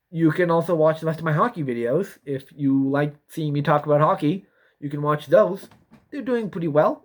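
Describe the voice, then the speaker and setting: A young man in a casual vlog, rambling and repeating himself as he talks through a prediction, yawning now and then. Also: on the high side. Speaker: YouTuber giving sports predictions.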